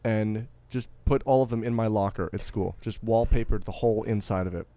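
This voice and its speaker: A man's voice: on the low side, a little fast, warm tone, no room sound. A man in his thirties co-hosting a podcast in casual, joking, rambling chat. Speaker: podcast co-host.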